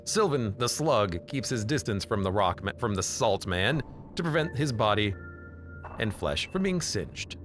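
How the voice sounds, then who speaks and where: A man's voice: lowish voice, sing-song, unhurried, over music. A man streaming a video game. He reads the game text aloud and jokes about it in casual commentary.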